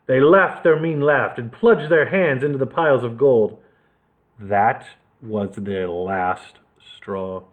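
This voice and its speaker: A man's voice: medium pitch, slow. A male librarian reading a children's adventure story aloud for storytime, with dramatic expression. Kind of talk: storytime read-aloud narration. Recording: tinny phone-like sound.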